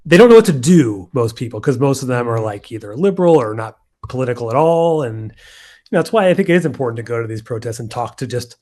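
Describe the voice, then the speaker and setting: A man's voice: mid-range voice, animated, fast talker, darkish tone. A man in casual podcast chat, hesitant and thinking aloud.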